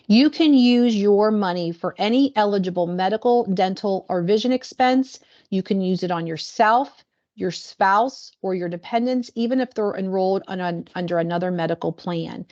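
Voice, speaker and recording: A woman presenting insurance benefits on a video call in a chatty, animated way, acting out the questions people ask. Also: mid-range voice, dull audio.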